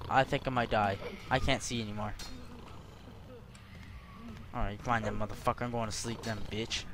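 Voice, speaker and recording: A man's voice: on the low side, steady tone, moderate pace, background noise. A young man doing gameplay commentary, cursing and trash-talking the characters on screen. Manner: profane, trash-talking, yelling at game characters. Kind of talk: let's play commentary.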